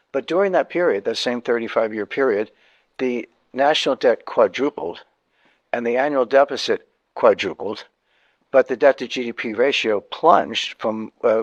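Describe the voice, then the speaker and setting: A man's voice: medium pitch, normal speed, dry recording, lo-fi sound. A man, a guest in an interview, explaining economics emphatically, repeating key points and often restarting sentences.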